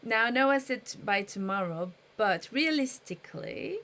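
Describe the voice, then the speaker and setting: A woman's voice: fairly high pitch, expressive, moderate pace, a bit bright, a little hiss or hum. A woman live streaming in casual chat, thinking aloud and patiently explaining trading to her viewers.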